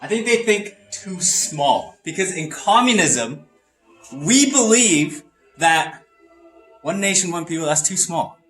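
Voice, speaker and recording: A man playing a grandiose communist in a comedic lesson skit, lecturing in a drawn-out, emphatic way. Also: high voice, animated, fairly bright tone, full character voice. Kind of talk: comedic educational role-play. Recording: roomy echo, off-mic, faint music.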